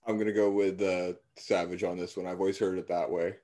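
A man talks through his ideas in a casual podcast chat with a lowish voice. He pauses, restarts and hesitates as he reasons aloud. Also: little pitch movement, over a noisy crowd. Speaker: podcast co-host.

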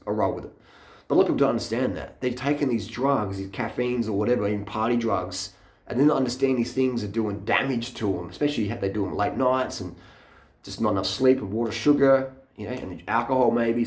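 A man's voice: mid-range voice, roomy sound. Profane man ranting on camera. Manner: profane, blunt, animated, laughs at his own stories. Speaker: vlogger. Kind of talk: casual rant to camera. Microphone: camera mic.

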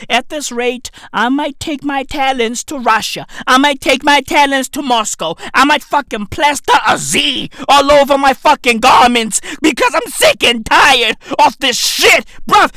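A young South African man rants to camera in a high, bright voice that leaps all over the place. He talks slowly and deliberately, cursing and breaking into shouts. The sound is close and dry. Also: dry recording. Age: young adult. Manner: animated, profane, often shouting and laughing. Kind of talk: ranting comedic monologue.

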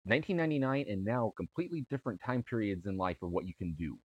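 A man's voice: on the low side, animated, fast talker, no room sound, lo-fi sound. A man co-hosting a wrestling podcast in casual chat, rambling and restarting his sentences. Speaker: podcast co-host.

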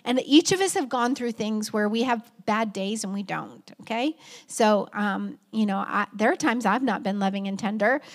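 A woman's voice: mid-range voice, expressive, normal speed. A middle-aged woman pastor preaching a heartfelt, conversational sermon in a church, with a friendly "y'all" manner. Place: church sanctuary.

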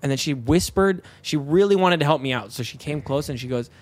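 A young man hosting a podcast, telling a story in casual chat, animated and swearing, acting out the voices of people he quotes. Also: a little high, fairly quick, hardly any pauses, noisy background. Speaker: podcast host.

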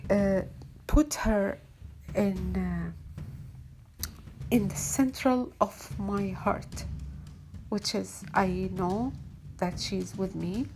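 Slow, earnest woman speaking from the heart. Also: mid-range voice, a little mellow, slight background noise. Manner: earnest, halting, with frequent pauses and fillers. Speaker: online broadcaster. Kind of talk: unscripted heartfelt monologue.

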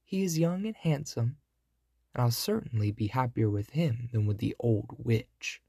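A man voicing a gentle, trusting young woman in a storybook reading, soft and earnest. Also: mid-range voice, measured pace, gravelly, husky, no room sound, studio quality.

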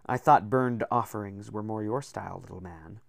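A man voicing a sharp-tongued, sarcastic woman in an audiobook. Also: lowish voice, normal speed, gravelly, no echo, studio quality. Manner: sarcastic, cutting.

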